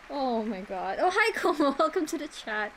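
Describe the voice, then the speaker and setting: A woman's voice: high voice, fairly bright tone, slight background noise, poor audio. A young woman streaming a game reaction, emotional and teary, laughing and swearing as she gushes.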